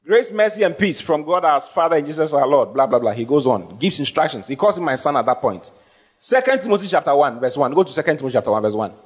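Male pastor, slightly high-pitched, emphatic sermon with Q&A. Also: big pitch swings, fast talker, husky. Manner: emphatic, rising to stressed phrases, asks the congregation questions. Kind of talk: sermon with audience questions.

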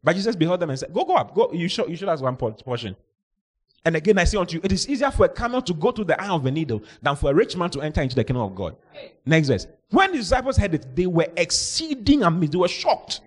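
A male pastor preaching a lively sermon, reading scripture and acting out the people in it, sometimes shouting. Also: high voice, quick pace. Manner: animated, shouting out and acting out Bible characters.

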